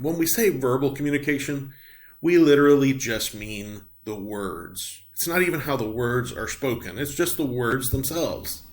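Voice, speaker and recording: A middle-aged man teaching a recorded class on patient communication. His voice sits at an ordinary middle pitch. He explains each point plainly and often pauses on um and uh. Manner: explanatory, frequent ums and uhs. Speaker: nursing instructor. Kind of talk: recorded lecture.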